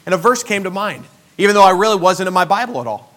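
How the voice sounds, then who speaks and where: A man in his forties, a pastor, preaching a sermon as a personal story, moving between quiet, intimate passages and loud, emphatic ones. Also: high-pitched, expressive, fast talker.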